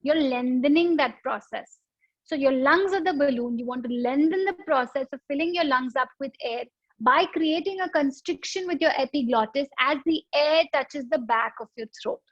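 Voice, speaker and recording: A woman with a high, light voice leads a yoga breathing lesson, patient and explanatory, using simple analogies. The sound is dry and close, with a slightly dull, lo-fi quality from an online session. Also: normal speed, dry recording. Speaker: yoga instructor. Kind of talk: guided breathing instruction.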